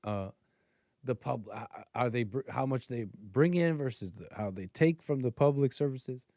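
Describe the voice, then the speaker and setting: A man's voice: medium pitch, moderate pace, dark tone, no echo, clean studio sound. A man hosting a casual political livestream, rambling and breaking off mid-sentence, reading chat and news aloud and laughing at his own tangents. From United States. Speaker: livestream political talk host.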